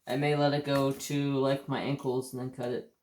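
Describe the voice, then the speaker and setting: This craft channel host, an American man, talks at a moderate pace with a level, medium-pitched, darkish voice. His livestream chat is casual, rambling and profane, full of easygoing stories punctuated by hiccups. The sound is roomy, with a little hiss or hum.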